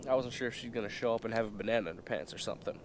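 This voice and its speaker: An American young man vlogs a story in a loose, profane style, packed with fillers and acted-out quotes. His lowish voice races along very fast, and there is a little hiss or hum in the audio.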